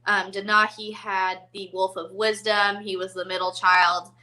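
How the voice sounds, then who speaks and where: A woman's voice: medium pitch, level tone, a little slow, pushed and bright, low-quality recording. A woman hosting a casual movie chat, chatty and giggly with lots of fillers. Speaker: host.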